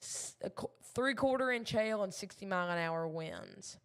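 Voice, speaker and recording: A woman's voice: medium pitch, animated, moderate pace, gravelly, clean tone. A young woman with a Southern Kentucky accent giving casual live weather radar commentary, chatty and self-deprecating, with many ums. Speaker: livestream weather streamer.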